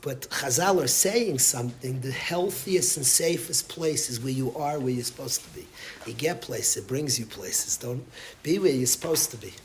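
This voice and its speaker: A man's voice: mid-range voice, expressive, normal speed, a little hiss or hum. A man, a rabbi, giving an impassioned lesson to his yeshiva students and repeating phrases for emphasis. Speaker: rabbi teaching a yeshiva class. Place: yeshiva study hall.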